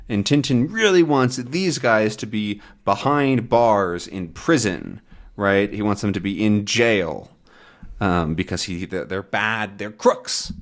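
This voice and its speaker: A man teaching English by explaining a comic, talking slowly and clearly and often checking with "right?". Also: on the low side, expressive.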